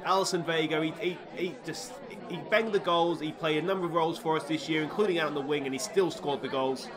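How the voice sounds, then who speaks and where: A man's voice: on the high side, fairly even intonation, fast, crowd noise. A man with an Australian accent hosting a comic awards-show skit, talking like a showy compère with laid-back banter. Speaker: game channel host.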